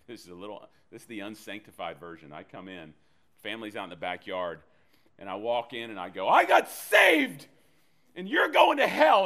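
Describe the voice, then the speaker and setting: A man preaching a sermon, telling a personal story with animated delivery and self-deprecating humor. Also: deep voice. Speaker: pastor.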